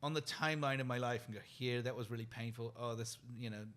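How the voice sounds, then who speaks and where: A soft-spoken British man in his forties gives a guest interview. He talks in an earnest, reflective way, often trailing off quietly. His pitch sits in an ordinary middle range. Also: fast talker. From United Kingdom.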